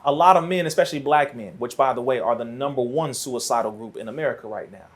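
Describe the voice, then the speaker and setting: A man speaking as a podcast guest, preachy and animated, his voice rising toward near shouts in a studio. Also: medium pitch, fast talker. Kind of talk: impassioned podcast talk.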